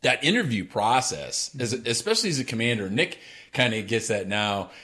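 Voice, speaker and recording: A middle-aged man, a podcast guest, telling stories in casual chat, animated and laughing, swearing casually. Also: medium pitch, normal speed. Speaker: podcast guest, military author.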